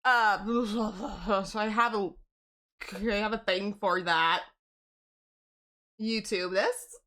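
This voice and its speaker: A woman's voice: mid-range voice, steady tone, extremely slow, pushed and bright. A woman game streamer in casual live-stream chat, rambling and giggling as she talks to her viewers.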